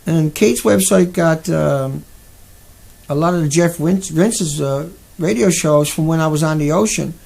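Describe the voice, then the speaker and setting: A man's voice: a little high, a little slow, gravelly, darkish tone. A man hosting a live stream, talking casually and agitatedly, repeating himself and answering his chat. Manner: agitated, repetitive, talks back to chat.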